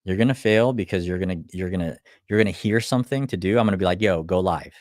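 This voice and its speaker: Young man, casual livestream talk, blunt, swears a lot, low voice, dry close mic. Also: rapid-fire, a little mellow, no room sound. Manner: blunt, profane, acts out clients' lines. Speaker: online business coach.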